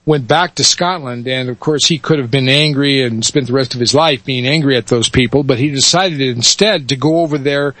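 Folksy, halting man telling a story. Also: medium pitch, a bit bright, dry recording. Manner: hesitant, many fillers, folksy. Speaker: speaker telling a joke. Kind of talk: casual storytelling.

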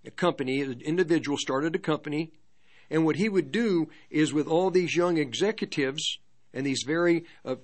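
Rambling male radio talk host. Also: a little high. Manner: rambling, emphatic storytelling with restarts.

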